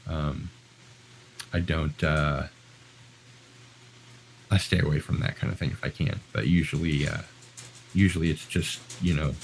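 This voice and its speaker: A man's voice: low-pitched, slight background noise, rough recording. An American man live-streaming, talking in a chatty, rambling, self-deprecating way. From United States. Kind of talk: casual live-stream chat.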